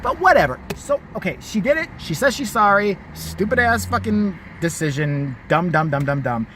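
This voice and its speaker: A male vlogger in full rant, swearing freely and mocking everyone in sight. His pitch swings wildly from high yelps to low mutters. A faint hiss of background noise runs under the voice. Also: moderate pace. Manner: profane, animated, mocking. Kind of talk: ranting commentary.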